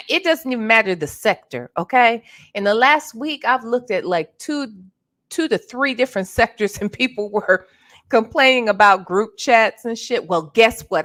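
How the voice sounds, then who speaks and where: Chatty, slightly hoarse woman livestreamer. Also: a little high, animated, moderate pace, a bit bright. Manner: chatty, greets viewers by name, says honey. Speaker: livestream host. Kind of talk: casual livestream chat.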